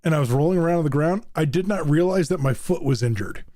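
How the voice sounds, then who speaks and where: A man hosting a relaxed podcast conversation. His voice sits fairly high and swings up and down a lot as he laughs his way through stories. The sound is dry and close. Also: fast, no echo. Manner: laughs often, tells stories with many fillers. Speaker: podcast host. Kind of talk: casual chat.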